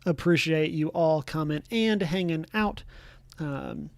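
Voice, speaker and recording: Game master, gravelly fry, dry close sound, rambling with ums. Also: mid-range voice, takes it slowly, no room sound. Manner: relaxed, rambling with many "um"s. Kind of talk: casual game master narration.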